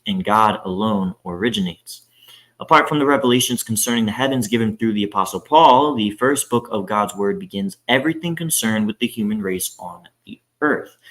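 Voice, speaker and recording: A man's voice: fairly low pitch, a bit bright, poor audio. A man reading a Bible introduction and scripture aloud, carefully, with frequent hesitant fillers and self-corrections. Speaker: scripture reader.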